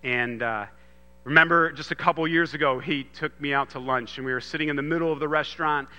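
A man in his thirties giving an earnest sermon, moving from loud emphasis to hushed storytelling. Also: a little high, steady tone, fairly quick, big-room sound. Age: 30s. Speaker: pastor.

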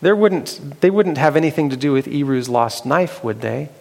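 A man voicing a gentle, sorrowful shepherd father in a story, speaking softly and gravely. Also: fairly high pitch, expressive, normal speed. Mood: questioning. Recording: long hall reverb.

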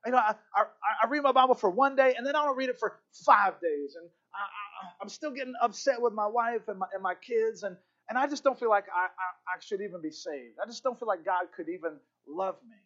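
A man's voice: high voice, fairly bright tone, muffled recording, pitched above the performer's own voice. A man voicing a discouraged young man who stammers and rambles anxiously about his failures. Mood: anxious pleading. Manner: rushed, stammering, pleading.

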